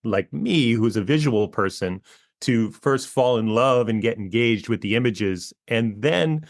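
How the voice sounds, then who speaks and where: A man's voice: medium pitch, a little slow, no echo, clean studio sound. A man in his forties, a comic author being interviewed, talking casually and loosely with many fillers. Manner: relaxed, rambling, with many fillers. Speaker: guest, educational comic author. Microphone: close podcast mic.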